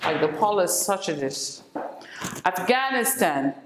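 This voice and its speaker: Slow, low-voiced woman teaching English. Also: animated. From not from Senegal. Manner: slow, repeats each word for drilling. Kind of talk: classroom lesson. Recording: echoey room, faint noise.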